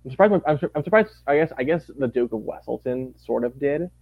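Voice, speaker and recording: Animated man gushing in casual chat. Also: medium pitch, fast talker, vocal fry, no room sound, narrow, tinny audio. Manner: animated, gushing, acts out quotes. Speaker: podcast guest.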